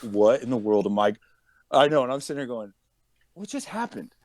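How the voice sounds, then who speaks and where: A man's voice: mid-range voice, brisk. A man telling a story in casual chat, acting out the people in it as he goes. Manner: animated, acts out quotes of others. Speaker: podcast guest, police officer.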